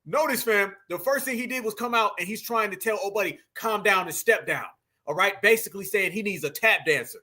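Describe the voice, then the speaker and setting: Male reaction host, high bright voice, mocking and animated. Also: quick pace, hardly any pauses. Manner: animated, mocking, laughing often. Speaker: commentary channel host. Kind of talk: reaction commentary.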